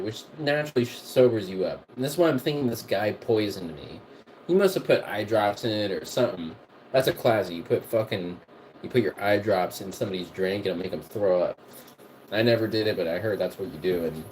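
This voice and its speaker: Low-voiced man livestreaming from his kitchen, loose and profane, circles back over his own story. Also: darkish tone, slight background noise. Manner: rambling, profane, repeats himself. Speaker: music producer and livestream host. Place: home kitchen while cooking.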